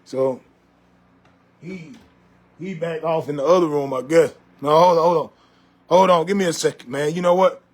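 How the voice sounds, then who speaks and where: Man as gray-haired uncle, fifties, old-school and sassy; husky, high-set voice; phone-on-ring-light livestream. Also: moderate pace, pauses often, natural voice. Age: 50s. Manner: sassy, scolding, laughing at viewers' comments. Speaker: livestream host reading comments. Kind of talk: comedic character livestream. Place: room in a house.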